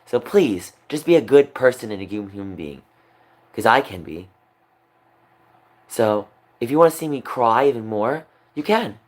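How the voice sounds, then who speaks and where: A man's voice: mid-range voice, animated, moderate pace, long pauses. A young man on a livestream, talking upset and rambling, repeating himself. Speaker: streamer. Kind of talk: emotional livestream monologue.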